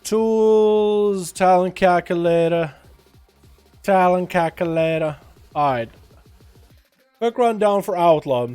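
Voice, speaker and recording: A man's voice: sits high, slow pace, long pauses, a little mellow, smooth, faint music behind. A man livestreaming a game, chatting loosely with viewers, swearing now and then and hyping up the crowd. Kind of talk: casual gaming livestream chat.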